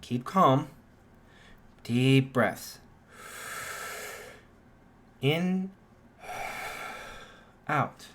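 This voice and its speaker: Nervous young guy talking himself down, as a male storyteller puts him on, slow and unsure, his pitch jumping up when he panics, otherwise a plain everyday voice in an improvised fan story. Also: animated, fairly bright tone. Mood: self-calming. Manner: hesitant, self-soothing.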